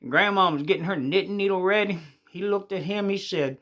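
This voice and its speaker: A man's voice: high-pitched, fairly quick, pushed and bright. A man telling a long joke as a folksy, rambling story, using loose colloquial grammar. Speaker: joke teller.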